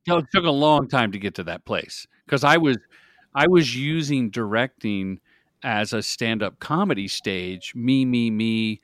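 A middle-aged man, a filmmaker guest on a podcast, telling stories in an energetic, animated way. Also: mid-range voice, a little slow, no room sound, clean studio sound. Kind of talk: casual interview storytelling.

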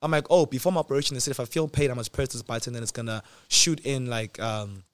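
A man in his twenties telling a personal story in casual chat, animated, acting out quotes with sudden jumps in pitch and loudness. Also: fast, clear, resonant tone, no room sound. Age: 20s. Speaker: host.

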